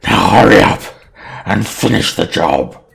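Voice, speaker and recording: A man's voice: low-pitched, animated, a little slow, vocal fry, fairly bright tone, full character voice. A man voicing a furious female sea hag who screams orders. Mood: commanding. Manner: screaming commands, enraged.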